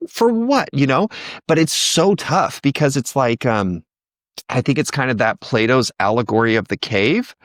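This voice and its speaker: Speaking at a moderate pace in a medium-pitched voice, a man appears as a guest on a conversational podcast. He is passionate and animated, frequently imitating the voices of people he quotes, and the studio-quality audio has no echo.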